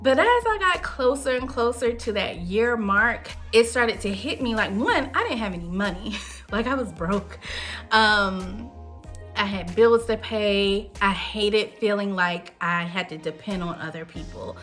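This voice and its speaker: A woman's voice: medium pitch, animated, a little slow, fairly bright tone, soft background music. A woman in her thirties, host of a wine show, telling a personal story in a chatty, candid way. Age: 30s. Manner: chatty, candid, with frequent fillers.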